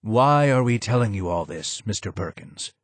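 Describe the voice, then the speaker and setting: A man voicing a bitter, ailing old Persian man who speaks hoarsely and forcefully. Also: lowish voice, expressive, moderate pace, no echo.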